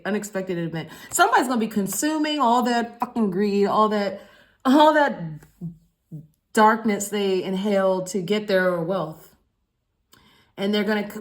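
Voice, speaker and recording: A woman giving a casual collective tarot reading, talking in a loose, rambling, slangy way with frequent swearing and repeated phrases. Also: medium pitch. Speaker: tarot reader.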